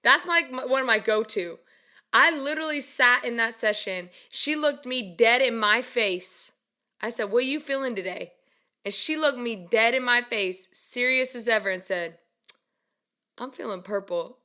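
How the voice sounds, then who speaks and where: Woman, high voice, casual storytelling vlog, animated, laughs a lot. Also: moderate pace. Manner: animated, laughs often while telling stories. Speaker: vlogger and music creator.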